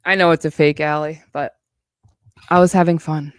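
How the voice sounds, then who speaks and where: A woman's voice: sits low, steady tone, normal speed, smooth, no echo, clean studio sound. A woman in a heated, profane livestream rant, sarcastic as she calls out her online critics. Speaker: streamer addressing online critics.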